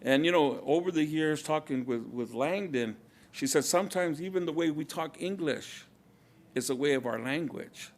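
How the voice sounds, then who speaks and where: A man speaking at a conference in a reflective, halting way, often repeating words and using many fillers. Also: fairly high pitch. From Kumeyaay community, Southern California. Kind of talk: casual, reflective talk.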